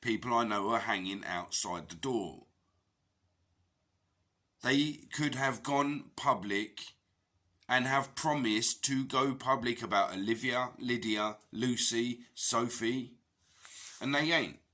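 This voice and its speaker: A man's voice: medium pitch, takes it slowly, sharp tone. A man, a tarot reader, talking in a rambling personal monologue, raw and heavily profane with emotional outbursts.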